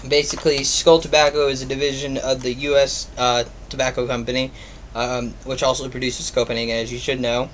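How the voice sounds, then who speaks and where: A man's voice: medium pitch, little pitch movement, a little fast, fairly bright tone, a little hiss or hum. Rambling man, casual reviewer. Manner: rambling, filler-heavy, offhand. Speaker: product reviewer.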